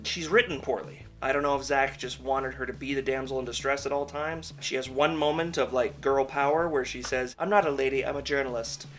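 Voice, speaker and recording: A man's voice: medium pitch, steady tone, a little fast, hardly any pauses, fairly bright tone, faint music behind. A man giving a candid, rambling movie review in a casual vlog, swearing freely. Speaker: film reviewer.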